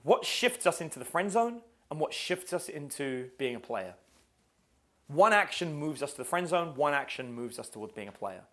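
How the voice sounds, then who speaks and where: A man's voice: fairly high pitch, big pitch swings, moderate pace, a bit bright. A man teaching a live dating seminar in a casual, swearing style, quizzing his audience. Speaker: dating coach.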